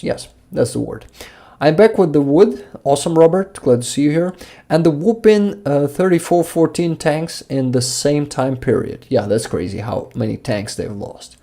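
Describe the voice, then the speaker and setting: Slow, mellow-voiced man on livestream. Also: mid-range voice. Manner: halting, searches for words, many fillers. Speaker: livestream host reading chat. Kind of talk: casual livestream chat.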